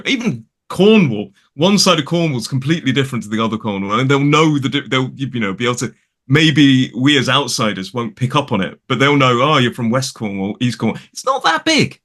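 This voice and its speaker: A man with a British English accent, an English teacher talking casually as a guest from a home studio in a spare room, chatty and quick to correct himself. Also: mid-range voice, animated, a bit bright. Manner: chatty, self-correcting, laughs often. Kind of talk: casual conversation.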